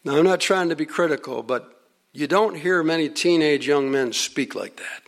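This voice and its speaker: A man preaching a sermon, earnest and emphatic, repeating phrases and reading hymn and scripture lines slowly. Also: fairly high pitch, creaky.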